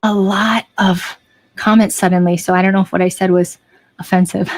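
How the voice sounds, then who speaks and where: A woman's voice: mid-range voice, little pitch movement, normal speed. A woman chatting casually on a live stream about her weight-loss journey, restless and repeating herself as she talks. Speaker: health vlogger hosting a live stream.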